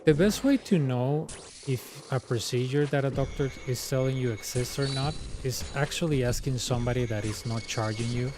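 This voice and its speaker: Against background noise, a medium-pitched man speaks at a moderate pace as he streams a game. A native Spanish speaker, he chats loosely and meanders through anecdotes with many restarts.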